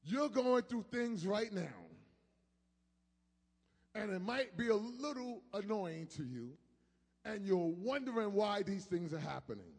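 A male pastor, preaching a sermon that swings from soft asides to shouted peaks. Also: high voice, sing-song, unhurried, long pauses, slightly rough. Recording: long hall reverb.

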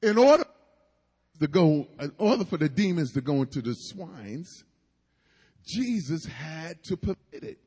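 Man preaching, high voice, swooping pitch, call-and-response asides. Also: very animated, a little slow, dark tone, slightly rough, in a large hall. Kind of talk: sermon.

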